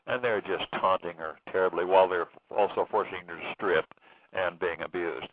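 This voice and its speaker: Deep-voiced man on a tinny phone line. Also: fairly even intonation, no room sound. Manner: halting, many fillers and restarts. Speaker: author guest. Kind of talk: phone interview recounting a case.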